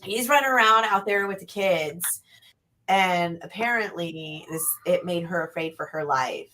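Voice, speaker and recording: A woman chatting casually, telling an animated, rambling story and swearing freely. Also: fairly low pitch, a little slow, slight background noise.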